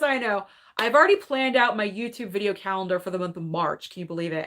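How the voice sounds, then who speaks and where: Bright-voiced chatty woman host. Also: mid-range voice. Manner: chatty, hedging, lots of "like" and "I don't know"; opinionated and animated, quick laughs. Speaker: movie channel host reading live chat. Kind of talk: casual live-stream chat.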